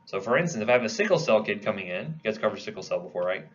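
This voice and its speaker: A man's voice: lowish voice, expressive, rapid-fire, few pauses, highs cut off. A man giving a classroom lecture in a conversational way, posing questions to the class and answering them himself. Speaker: pharmacology lecturer.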